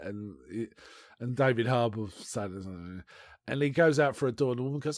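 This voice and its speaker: A man on a podcast, casually retelling a film in a rambling, animated way with restarts. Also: medium pitch, normal speed, no room sound. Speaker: podcast co-host. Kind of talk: casual chat reviewing a film.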